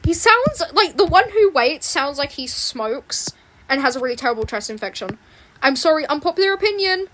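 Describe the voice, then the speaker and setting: A young woman rambles casually as she draws, repeating herself and giggling between thoughts. Her voice is high. A clicking, noisy background hums behind her. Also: big pitch swings, moderate pace. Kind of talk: casual rambling chat while drawing.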